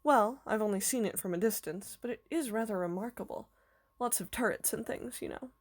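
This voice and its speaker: A woman reading aloud voices a kindly, eccentric old male professor who explains things gently and patiently. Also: fairly high pitch, a little fast, lightly acted. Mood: warm, explaining.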